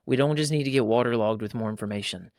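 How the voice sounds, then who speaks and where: A man's voice: medium pitch, fast talker, a little mellow, no room sound. Earnest man, dry close sound. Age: adult father of young boys. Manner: earnest, acts out quoted dialogue in a raised voice. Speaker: podcast host and pastor. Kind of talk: casual podcast conversation.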